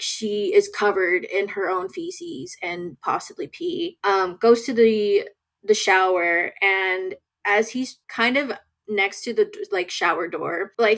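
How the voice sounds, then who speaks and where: A woman's voice: mid-range voice, a bit bright. A woman co-hosting a podcast, chatting casually about a horror film, speculating thoughtfully and often restarting her sentences. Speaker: podcast co-host.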